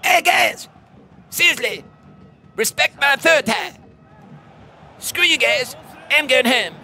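A man's voice: very high-pitched, expressive, slow, sharp tone, some chatter behind, slight background noise, pitched above the performer's own voice, heavily acted. Cartman. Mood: bratty. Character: bratty whiny cartoon boy. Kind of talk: comedic impression on a stream.

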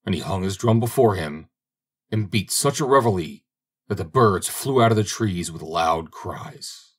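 A man reading a fairy tale aloud as an audiobook narrator, in a steady, measured storytelling manner. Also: sits low, slightly rough.

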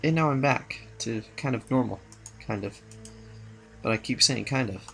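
Gravelly young man gaming. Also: lowish voice, a bit bright. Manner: rambling, mumbling, playful asides. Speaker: gaming channel host. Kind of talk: casual gameplay commentary.

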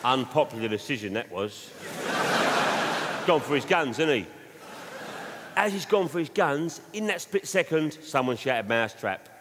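A man's voice: mid-range voice, lively intonation, measured pace, pauses often, a crowd in the background. A man, a comedian, performing live stand-up, telling rambling anecdotes in a conversational way. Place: live theatre stage. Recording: reverberant live hall with noise.

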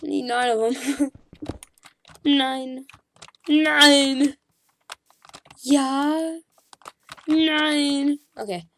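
A woman narrates her gameplay in a relaxed, unhurried way, her voice sitting a little high. She chatters and exclaims at whatever pops up on screen. Faint keyboard clicking runs underneath. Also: a little hiss or hum. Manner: excitable, chatters at the game and shouts at creatures. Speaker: gaming channel host. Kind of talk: casual game commentary.

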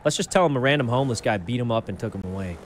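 A man's voice: mid-range voice, lively intonation, rapid-fire, a little hiss or hum. A man chatting in character during a game roleplay, scheming and persuasive, talking others into his plans. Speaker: streamer playing a character.

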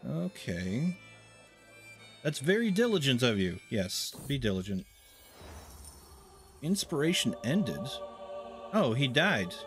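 A man's voice: mid-range voice, big pitch swings, slow pace, pauses often, a bit bright, faint music behind. A man hosting a strategy game let's play, making wry, rambling commentary full of fillers and asides. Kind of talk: casual gameplay commentary.

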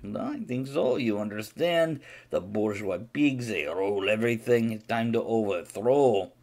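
A man playing a boastful, vodka-loving Russian from Siberia, speaking broken English with a Russian accent in rambling deadpan jokes. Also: lowish voice, normal speed. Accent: Russian, put on. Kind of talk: comedic character monologue on a live stream.

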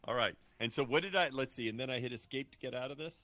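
A man's voice: mid-range voice, fast talker, bright, forceful tone. A male guest on a livestream, thinking aloud as he fumbles with the controls of a VR game. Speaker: guest, company executive. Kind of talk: casual chat on a livestream.

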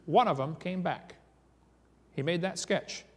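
Slightly rough and high, this man's voice moves a little slowly as he lectures at a creation seminar full of dramatic storytelling. He animatedly reads eyewitness quotes with emphasis, his words echoing with long reverb through a large hall or church.

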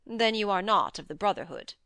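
A woman's voice: mid-range voice, expressive, brisk, a bit bright, smooth, no room sound. A woman voicing a drunken, proud middle-aged nobleman in an audiobook reading.

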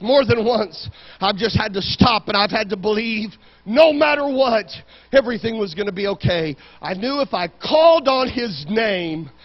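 High-voiced fervent preacher. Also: male voice, lo-fi sound. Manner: fervent, swings from loud shouting to quiet storytelling. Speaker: pastor. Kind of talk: sermon. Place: church sanctuary.

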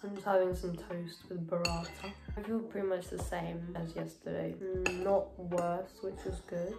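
A woman's voice: fairly low pitch, level tone, moderate pace, gravelly, over loud music. A young woman in her early twenties with a blocked nose, chatting casually in a vlog diary from home and laughing often. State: blocked nose, recovering from illness. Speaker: vlogger. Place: at home in a student house.

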